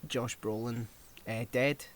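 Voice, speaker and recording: A man's voice: medium pitch, steady tone, slow. A man co-hosting a podcast, talking casually and steering the film discussion as he recounts scenes. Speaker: podcast co-host.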